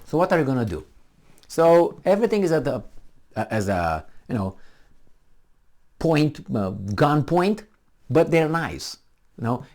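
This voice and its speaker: A middle-aged man rants in sarcastic commentary, firing off rhetorical questions. His voice swings up and down with a lively, animated pitch while he stays combative from start to finish. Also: normal speed, a little hiss or hum. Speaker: political commentator. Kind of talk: ranting commentary.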